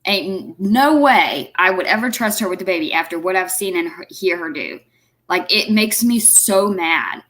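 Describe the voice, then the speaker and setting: A woman's voice: lowish voice, animated, moderate pace, a bit bright. A woman host, emphatically and indignantly commenting on a clip. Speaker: reaction video host.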